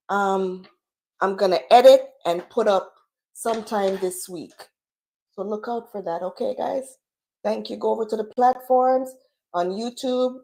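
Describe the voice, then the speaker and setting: Woman livestream host, tearful and preaching, warm and slow. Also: mid-range voice. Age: adult with children. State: crying at times. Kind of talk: emotional livestream talk.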